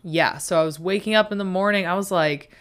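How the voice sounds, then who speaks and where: A woman's voice: fairly low pitch, a little fast. Rambling, swearing young woman. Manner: rambling, self-mocking, swears often. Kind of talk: casual monologue.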